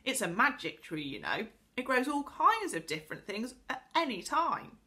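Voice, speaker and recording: A cheerful young girl who teases her friend, as a woman reads her aloud. Her voice rises high and bouncy, with a bright, eager sound. This is a storybook voice. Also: big pitch swings, normal speed, full character voice. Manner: bright, teasing, giggly.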